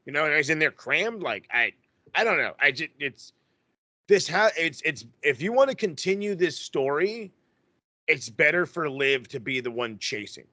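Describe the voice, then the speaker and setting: A man co-hosting a wrestling podcast, talking in a rambling, profane, excitable way. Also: a little high, normal speed, no echo. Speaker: podcast co-host. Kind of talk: casual chat.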